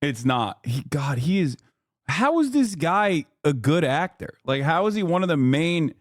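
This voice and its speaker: Male streamer, fairly high voice, sarcastic and profane, dry close sound. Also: very animated, a little slow, dry recording. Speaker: streamer reacting to a video. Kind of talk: livestream reaction commentary.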